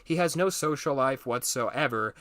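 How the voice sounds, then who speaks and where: A man's voice: mid-range voice, animated, normal speed, a bit bright, no room sound. A man hosting a solo commentary monologue, talking bluntly and emphatically and repeating words for stress. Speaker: commentary channel host.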